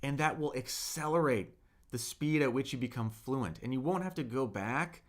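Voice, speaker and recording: A man teaching a livestreamed Mandarin lesson, slowly modeling words for viewers to repeat and chatting with the chat between them. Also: medium pitch. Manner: slow, drawn-out modeling of words for repetition; chatty, reads viewer comments aloud.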